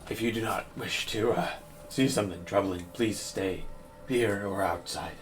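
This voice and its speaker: A man voicing a weary middle-aged village priest with a hoarse, broken voice who talks quietly and sounds distracted. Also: on the low side, normal speed, far from the mic, slight background noise, lightly acted. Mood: weary, troubled.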